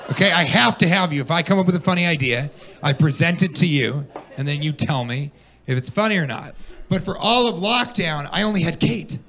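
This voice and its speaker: A man performing a stand-up comedy set on a stage, animated and playful, riffing with the audience. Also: on the high side, a little fast.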